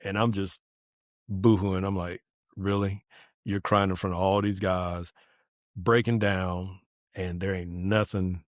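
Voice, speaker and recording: A man speaks in a fairly low voice, telling a personal testimony with earnest feeling. He acts out the lines of the people in his story. The recording is dry and close. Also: level tone, slow, no room sound. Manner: earnest storytelling, acting out quoted dialogue. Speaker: podcast guest. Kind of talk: personal testimony in casual conversation.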